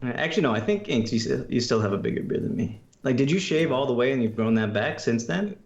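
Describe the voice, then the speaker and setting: A man's voice: medium pitch, lively intonation, fast talker, echoey room, highs cut off. A man from Canada co-hosting a livestream, chatting in a teasing, easygoing way over an online call. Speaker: co-host. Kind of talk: casual chat on a livestream.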